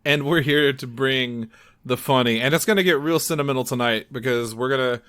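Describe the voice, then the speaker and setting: A man's voice: mid-range voice, fairly quick, a bit bright, clear, resonant tone. A man hosting a casual comedy podcast, rambling and stumbling through restarts with a chuckle. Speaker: podcast host.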